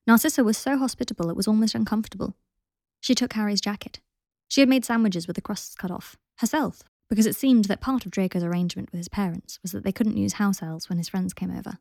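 A woman narrating a story aloud in a calm, steady way. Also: medium pitch, creaky, no room sound, studio quality. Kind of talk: audiobook reading of fan fiction.

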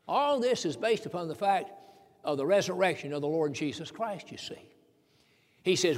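A man preaching a sermon in a folksy way, chuckling between points and slowing down when he quotes scripture. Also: high voice, lively intonation, in a large hall.

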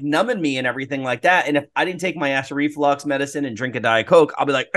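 A man co-hosting a casual podcast chat, telling rambling stories and clearing his throat often. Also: a little high, fairly bright tone. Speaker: podcast co-host.

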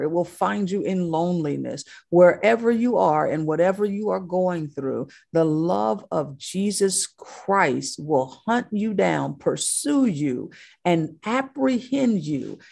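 A woman's voice: lowish voice, creaky, darkish tone. A woman preaching a sermon, impassioned, driving her points home with emphatic repetition.

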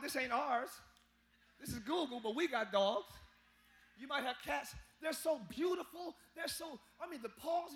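Preacher guy with a really high gravelly voice, bright and punchy, hollering and joking at the crowd. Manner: animated, humorous preaching with shouts and chanting. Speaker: pastor. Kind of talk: sermon. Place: church sanctuary.

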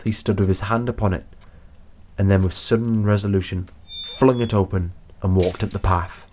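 A man reading a classic story aloud as narrator, measured and unhurried. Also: lowish voice, a little mellow.

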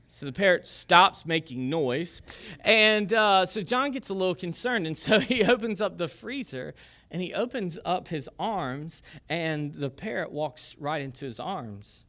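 This pastor is animated as he preaches, working through a story with offhand jokes and side comments at a measured pace. His voice runs a bit high for a man, sounding pushed and bright, with a conversational rather than formal tone.

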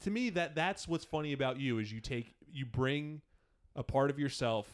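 A man's voice: mid-range voice, moderate pace. Wry laid-back podcast host, man. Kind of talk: casual podcast chat.

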